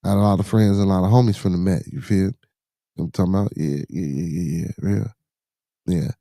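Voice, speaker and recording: A middle-aged Chicago man hosts a solo live-stream podcast in a low, steady, creaky and mellow voice, talking fast in laid-back street slang. He repeats phrases, greets viewers in the chat and constantly says "you know what I'm saying," in dry, studio-quality sound.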